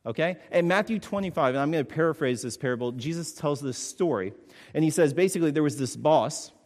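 A man's voice: on the high side, lively intonation, brisk, a little mellow, long reverb tail. A man preaching a sermon, emphatic, repeating his points and checking in with the congregation. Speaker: pastor.

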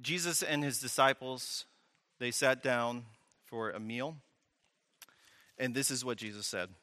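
A pastor preaches in a bright, forceful voice, keeping it conversational with questions to the room and wry asides. His words ring with a long hall reverb. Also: mid-range voice, unhurried. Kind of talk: sermon.

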